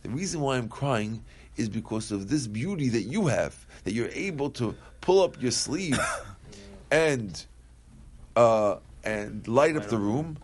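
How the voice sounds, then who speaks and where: A man's voice: medium pitch, expressive, moderate pace. A man leading a Talmud class in a casual, conversational way. He reads Aramaic lines, translates them into English, asks questions aloud and answers students. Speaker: Talmud teacher.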